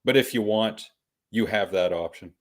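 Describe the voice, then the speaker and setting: A man's voice: fairly low pitch, moderate pace. A man hosting a casual podcast, bantering and chuckling often. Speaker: podcast host. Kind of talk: casual chat.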